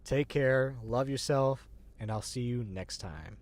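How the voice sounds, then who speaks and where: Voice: medium pitch, unhurried, darkish tone. An agender streamer rambling in casual livestream chat. They swear casually, laugh often and make fun of themselves. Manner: self-deprecating, restarts sentences. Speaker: streamer, show host.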